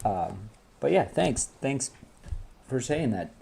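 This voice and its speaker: A man's voice: mid-range voice, big pitch swings, vocal fry, mellow, a little hiss or hum. A man hosting a casual sports fan show, bantering with friends, laughing and swearing freely. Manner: laughing, swearing, quick asides. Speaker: host.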